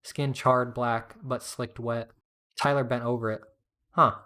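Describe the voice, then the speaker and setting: A man's voice: medium pitch, flat delivery, a little slow, fairly bright tone. Man reading a story aloud. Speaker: narrator reading fiction. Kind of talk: first-person story reading.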